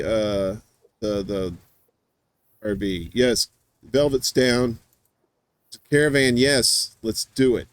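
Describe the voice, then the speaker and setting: A man's voice: lowish voice, fairly even intonation, takes it slowly, pauses often, dry recording. A man hosting a show, chatting casually in a rambling, teasing way with lots of fillers and restarts. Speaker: podcast host. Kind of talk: casual chat.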